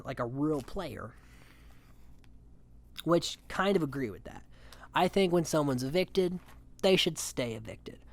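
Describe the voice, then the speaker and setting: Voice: medium pitch, darkish tone. Rambling, opinionated podcast host. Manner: rambling, opinionated, heavy on "you know" fillers. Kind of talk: casual reality-show recap commentary.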